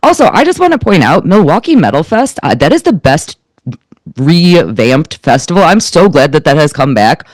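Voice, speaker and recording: A woman's voice: sits low, very animated, normal speed, no echo. A woman guest in a casual metal chat, talking with enthusiasm and emphasis.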